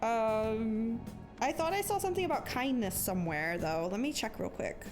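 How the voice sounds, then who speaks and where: Slightly high-pitched with lively intonation and a normal pace, a young woman gives casual live commentary while she plays. She pokes fun at herself, swears now and then, and game music runs underneath her voice.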